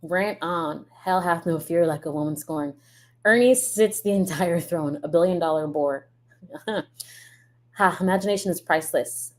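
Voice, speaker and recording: A woman from the United States chatting casually as a reaction streamer, blunt and profane, quick to laugh. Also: lowish voice. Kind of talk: casual ranting reaction chat.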